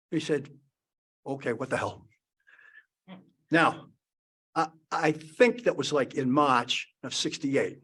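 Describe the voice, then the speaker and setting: This panelist, a man in his 70s from around Boston, has a rather high, slightly bright voice with some breathiness. He spins a wandering anecdote at a conference, frequently starting over mid-thought.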